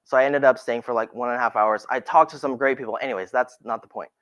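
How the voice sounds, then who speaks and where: Animated man demonstrating tones of voice. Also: medium pitch, fast talker, dull audio. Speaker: realtor giving a talk. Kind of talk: presentation to colleagues.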